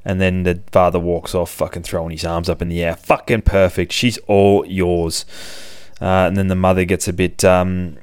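A man's voice: sits low, completely flat delivery, fairly quick, few pauses, clean tone, dry recording. A man hosting a podcast, casually recapping a comic book in a rambling, profane way, with lots of fillers. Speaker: podcast host.

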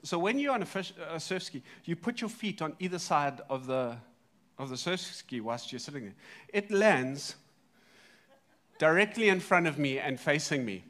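A man preaching a sermon, telling a story in a lively way, swinging between loud and soft. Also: on the high side, normal speed. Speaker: pastor.

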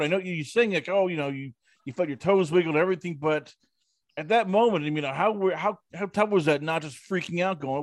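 A man hosting a casual interview who asks long, animated questions and acts out reactions. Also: a little high, fast, no room sound, studio quality. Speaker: interview host.

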